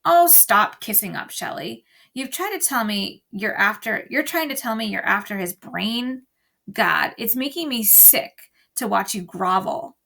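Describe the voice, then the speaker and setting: A woman's voice: on the high side, animated, measured pace, gravelly, bright, forceful tone, heavily acted. A woman voicing a catty, snobbish teenage girl who talks in a mocking, uppity way in a read-aloud storybook.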